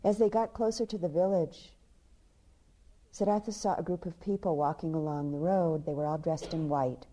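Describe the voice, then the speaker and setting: A woman meditation teacher giving a dharma talk. She tells a teaching story softly and drops into hushed, half-whispered passages. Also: low voice, fairly even intonation, moderate pace.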